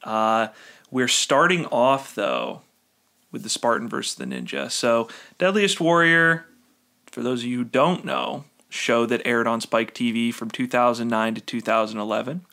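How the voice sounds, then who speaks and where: A man's voice: mid-range voice, expressive, a little slow, vocal fry, pushed and bright. A young man hosting a casual podcast chat, joking, laughing often, talking in a loose, rambling way. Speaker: podcast host.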